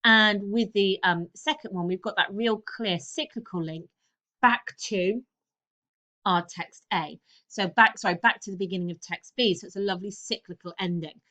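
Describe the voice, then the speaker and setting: A woman English teacher taking a class through text analysis, brisk and encouraging, repeating key phrases. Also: mid-range voice, sharp tone. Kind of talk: recorded lesson on text analysis.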